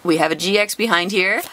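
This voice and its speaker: A woman hosting a casual card-opening video. She is excitable, gushing over cards and gasping often. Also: medium pitch, slight background noise. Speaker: trading card collector and video host.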